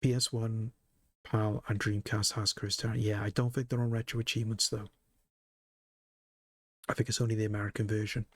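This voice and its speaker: A man's voice: on the low side, flat delivery, brisk, pauses often, no room sound. A man streaming live, chatting casually with viewers, joking and laughing often.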